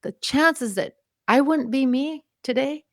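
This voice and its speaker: Her voice is high and unhurried: a woman in her fifties from Mexico, guesting on a podcast, recounts a personal story with earnest emotion, vividly reliving memories. The audio is dry, studio-quality sound.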